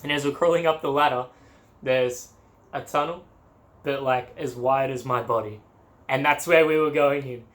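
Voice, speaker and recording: A man's voice: medium pitch, normal speed, fairly bright tone. A young Australian man, a travel vlogger, telling a story casually and animatedly, laughing and acting out quotes.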